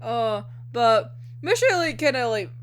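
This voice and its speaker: A young woman excitedly recapping an anime episode, swearing and laughing often as she talks. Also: fairly high pitch, unhurried, a little hiss or hum. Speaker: anime reviewer.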